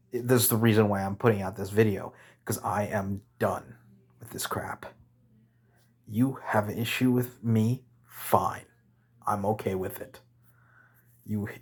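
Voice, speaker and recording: Husky man ranting bluntly to camera. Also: lowish voice. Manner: frustrated, blunt, swearing, rambling with self-corrections. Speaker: vlogger. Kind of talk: candid rant to camera.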